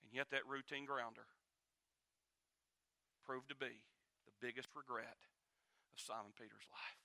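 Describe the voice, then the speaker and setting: Male pastor, high and bright, dramatic sermon delivery, dry mic. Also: fairly even intonation, a little slow, vocal fry, dry recording. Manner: dramatic swings from loud to hushed. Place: church.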